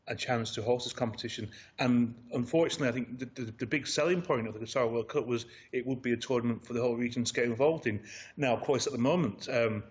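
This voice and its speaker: A man giving football punditry on a radio phone-in, speaking in a measured, hesitant way with many pauses. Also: medium pitch, husky, lo-fi sound. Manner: hesitant, measured, lots of ums.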